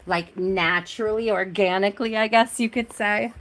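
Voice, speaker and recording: A woman's voice: medium pitch, steady tone, normal speed, fairly bright tone. A woman hosting a live tarot stream who reads out card meanings, then chats loosely, laughs often and greets viewers by name. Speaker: tarot reader.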